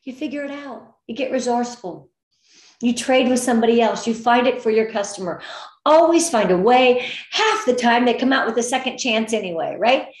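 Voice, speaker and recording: A bright, higher-pitched middle-aged woman leads a motivational business training, upbeat and encouraging. She gets emotional at times, and her voice rings in an echoey room. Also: animated, normal speed. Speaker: direct sales team leader.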